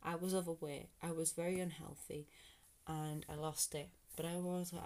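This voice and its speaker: A woman's voice: sits low, little pitch movement, moderate pace, darkish tone. A British woman hosting her own podcast, talking through her thoughts in an earnest, rambling, motivational way that sometimes sinks to a whisper. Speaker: podcast host. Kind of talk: reflective solo podcast monologue.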